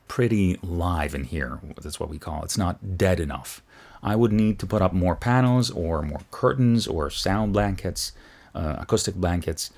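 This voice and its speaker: A man teaching about microphones in a chatty, casual demonstration, moving closer to and farther from the mic in a small, lively room. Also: low voice. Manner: chatty, explains while moving toward and away from the mic. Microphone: studio microphones tested at changing distances.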